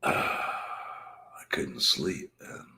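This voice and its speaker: A man's voice: extremely slow, sharp tone. A man hosting his own late-night live stream, rambling casually to the chat. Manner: rambling, drifting, talking to the chat. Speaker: channel host.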